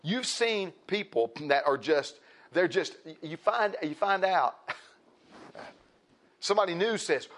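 A man's voice: on the high side, animated, slow pace, pauses often, fairly bright tone. A middle-aged man preaching a sermon as pastor, folksy and emphatic, with rising outbursts.

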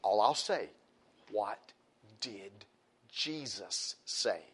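A man's voice: lowish voice, lively intonation, extremely slow, a bit bright, husky. A man preaching a sermon, emphatic and repetitive, with folksy asides to the congregation.

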